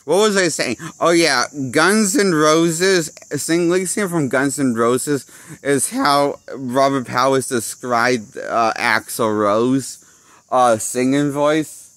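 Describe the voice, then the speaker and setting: Man, movie critic, casual rambling review, slow unhurried delivery, dry close sound. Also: mid-range voice, a bit bright, no echo. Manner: rambling, loses his train of thought, laughs at his own jokes. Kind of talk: casual spoken film review.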